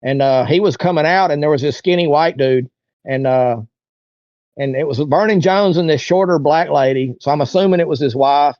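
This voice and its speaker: A man's voice: a little high, normal speed, darkish tone, no echo, lo-fi sound. A man, an interview guest telling a long story in a rambling, folksy way. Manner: rambling, folksy, lots of "you know" and "like". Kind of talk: casual storytelling.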